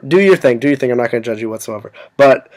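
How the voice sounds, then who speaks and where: A young man casually telling a story to his viewers, rambling and filling every pause with "like". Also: medium pitch, expressive, darkish tone. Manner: rambling, full of "like" fillers. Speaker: vlogger.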